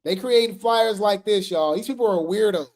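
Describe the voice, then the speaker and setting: Casting: chatty gossip commentator, mid pitch, talks straight to the audience. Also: moderate pace, darkish tone. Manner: chatty, addresses viewers as "y'all", filler "right?"; laughs while talking. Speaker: commentary host.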